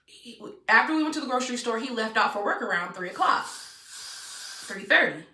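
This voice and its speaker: Young woman, blunt storytime vlogger, bright voice, echoey distant mic. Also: fairly high pitch, expressive, normal speed. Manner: blunt, talks straight to viewers. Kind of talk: storytime vlog. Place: room at home.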